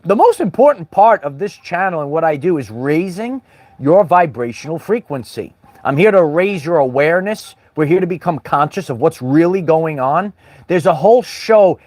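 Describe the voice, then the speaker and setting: A man with a high-pitched voice talks straight to his livestream chat. He preaches and repeats himself, and he calls out viewers by name. The sound is dry and close, with no room echo. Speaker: livestream host. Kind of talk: spiritual livestream talk to chat.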